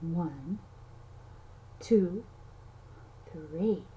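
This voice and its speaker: A woman's voice: on the low side, very slow, warm tone. A woman giving a playful lesson to toddlers, counting aloud and making animal sounds in a sing-song way. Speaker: children's teacher. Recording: slightly dull audio, faint noise.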